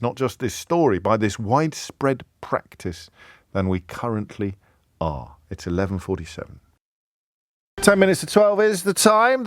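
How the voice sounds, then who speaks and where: A man's voice: lowish voice, no room sound. A man hosting a live radio phone-in show, talking in a wry, self-mocking way and bantering easily with callers on a studio microphone.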